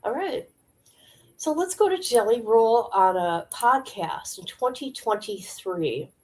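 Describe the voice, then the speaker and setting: A woman's voice: fairly high pitch, expressive, takes it slowly. A woman hosting a livestream, chatting casually and talking straight to her viewers about celebrity gossip. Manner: chatty, addresses viewers directly. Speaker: livestream host.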